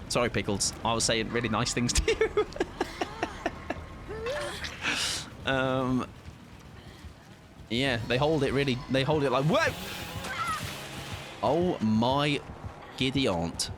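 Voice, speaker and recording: A man streaming a game, chatting playfully and excitably with teammates. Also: mid-range voice, unhurried, long pauses, noisy background. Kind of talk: casual gaming chat.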